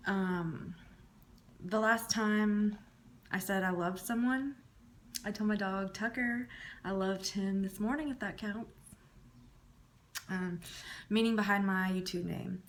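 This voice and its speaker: This YouTuber is a woman in her thirties from the Southern United States, talking slowly with frequent pauses in a mid-range voice. There's slight background noise, and she answers tag questions casually, her voice falling at phrase endings.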